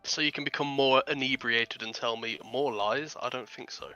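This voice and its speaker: Skeptical, dry adventurer, played by a man, bright voice, slightly dull recording. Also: mid-range voice, steady tone, normal speed, soft background music, natural voice. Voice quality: dry, cutting. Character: skeptical, sharp-tongued male adventurer.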